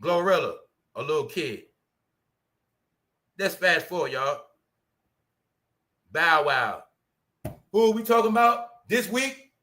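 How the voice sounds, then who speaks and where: Guy with ranting on his livestream, sharp bright voice, loud one sec and muttering the next, keeps asking y'all questions. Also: takes it slowly, pauses often. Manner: animated, swinging between loud outbursts and low mutters; rhetorical questions to the audience, repeats "y'all" and "huh". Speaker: commentary channel host. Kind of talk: casual livestream commentary.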